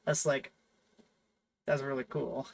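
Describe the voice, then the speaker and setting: A man's voice: medium pitch, fairly even intonation, takes it slowly, vocal fry, slight background noise, rough recording. A man hosting a casual chat, rambling and enthusiastic, full of fillers and restarts. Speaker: host.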